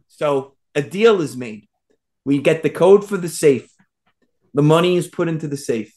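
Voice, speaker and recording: A man telling a story in a casual chat, animated, acting out quotes and laughing often. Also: a little high, unhurried.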